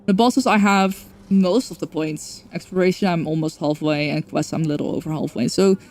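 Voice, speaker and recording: A woman's voice: fairly low pitch, normal speed, few pauses, a little mellow. A young woman streaming a game, chatting casually and rambling, correcting herself and swearing now and then. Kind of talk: casual livestream chat.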